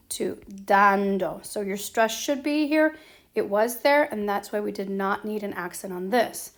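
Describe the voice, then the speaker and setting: A woman explaining a grammar lesson as a teacher, patient and checking in with her students as she goes. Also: a little high. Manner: slow, patient, checks in with "okay?" and "right?". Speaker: Spanish teacher.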